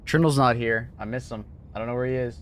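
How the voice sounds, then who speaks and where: A man's voice: medium pitch, steady tone, quick pace, fairly bright tone, a little hiss or hum. A man chatting casually to his live-stream viewers in a laid-back, slangy way, laughing often.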